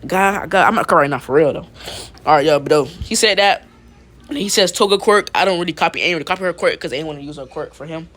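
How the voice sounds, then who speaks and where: A man's voice: a little high, quick pace, fairly bright tone. A young man casually retelling a fan-made story, stumbling over restarts and tossing in profane slang. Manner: stammering restarts, profane slang, laughs at himself.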